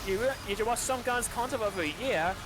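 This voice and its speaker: Australian man, casual gamer chat, stammering delivery over loud game music. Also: very high-pitched, fairly quick. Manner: stammering, repeats words, laughs often. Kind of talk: casual chat while gaming.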